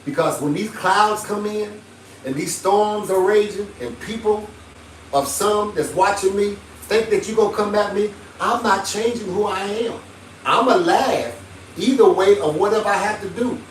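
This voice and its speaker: A man, a pastor ranting emphatically on a livestream, swinging between shouting and low muttering. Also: normal speed, roomy sound, distant mic, a little hiss or hum, poor audio. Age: 50s. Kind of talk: livestream preaching rant.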